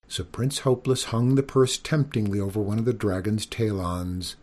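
Low-voiced man reading a children's story. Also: moderate pace. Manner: expressive, voices each character.

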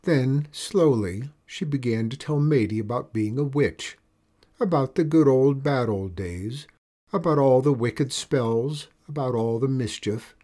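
Male storyteller, expressive and animated, breathy tone. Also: medium pitch. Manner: expressive, slow storybook reading. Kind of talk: reading a children's story aloud.

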